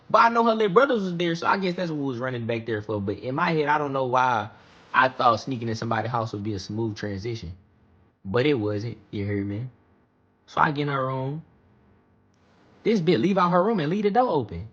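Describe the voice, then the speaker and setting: Husky, animated young man telling a story. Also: fast, muffled recording. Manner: slangy, profane, keeps asking "you hear me?"; voice jumps high when retelling panicky moments. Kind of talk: casual storytime monologue.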